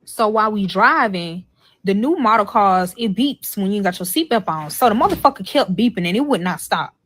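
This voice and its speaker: A woman's voice: mid-range voice, brisk, a little hiss or hum. A young woman telling a profane story in a casual story-time video, and acting out what the other people said. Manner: animated, profane, acts out the other people's lines. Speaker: storyteller in a played clip.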